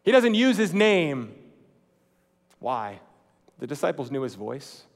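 A man's voice: on the high side, very animated. Man preaching in a reverberant hall. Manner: swings between loud emphatic lines and quiet, slow, hushed ones; conversational, with fillers and restarts. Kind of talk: sermon.

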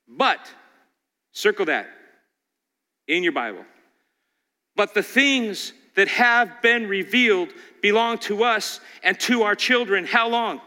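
A man preaching a sermon, his voice high and bright. He fires off rhetorical questions and now and then acts out the voices of the people he talks about. The sound rings out with the long reverb of a hall. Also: animated, slow, long pauses. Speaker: pastor.

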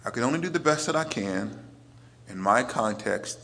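A priest in his forties preaching a sermon, earnest, moving between emphatic lines and hushed ones. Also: medium pitch, animated, normal speed, gravelly.

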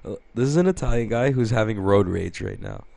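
A man's voice: lowish voice, animated, brisk, creaky, dark tone, no echo. A young man co-hosting a podcast in casual chat, rambling and joking crudely. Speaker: podcast co-host.

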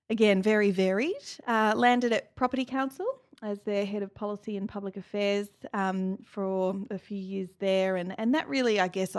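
A woman answering interview questions in an office, speaking with many pauses and restarts. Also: mid-range voice. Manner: halting, many fillers and restarts. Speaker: guest, industry chief executive. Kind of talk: casual interview talk.

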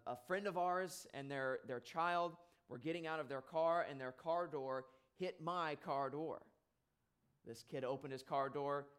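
A man preaching a sermon in an earnest way, rising louder on key points and dropping soft on sad ones. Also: mid-range voice, clear, resonant tone.

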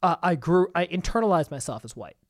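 A man in his thirties, a comedian, telling a personal story in casual conversation, halting and restarting as he acts out his past self. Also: fairly high pitch, animated, darkish tone, no room sound, clean studio sound. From United States. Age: 30s. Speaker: stand-up comedian guest.

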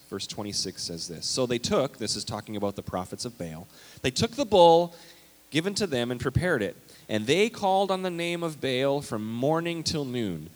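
A male pastor preaching a sermon, animated and emphatic, reading scripture aloud with big swings in loudness. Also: fairly low pitch. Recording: long hall reverb.

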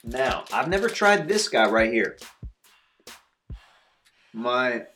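A relaxed man talks casually while eating, trying snack pastries and giving his verdict. His voice sits at an ordinary middle pitch. Faint music plays quietly behind him. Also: slow pace. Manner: laid-back, chatty, eating while talking. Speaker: food reviewer vlogger. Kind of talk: casual snack review vlog.

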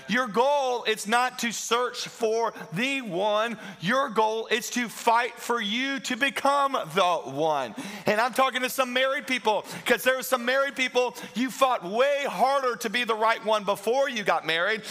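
A man's voice: very high voice, sharp tone. A middle-aged man preaching a sermon as pastor, emphatic and repeating phrases for stress.

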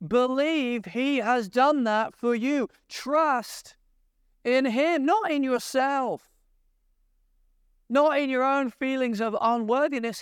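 A man's voice: very high voice, smooth, no echo, clean studio sound. A man preaching a sermon, retelling scripture and making earnest, pleading appeals to his listeners. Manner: retells scripture with emphatic pauses.

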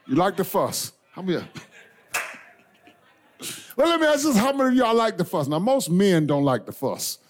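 Impassioned preacher man, lively swooping voice. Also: high voice, moderate pace, long pauses, slight background noise. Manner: call-and-response preaching, swings from soft asides to shouted climaxes; folksy, addresses the congregation as y'all and baby. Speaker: bishop preaching. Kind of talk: sermon. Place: church sanctuary before a congregation.

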